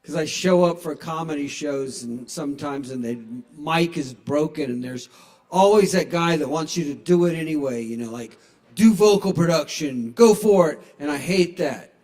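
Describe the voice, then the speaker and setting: A man's voice: on the high side, moderate pace, a little mellow. A man doing a self-mocking stand-up set into a handheld mic at a small bar, chatting with the crowd. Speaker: stand-up comedian. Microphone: handheld stage microphone.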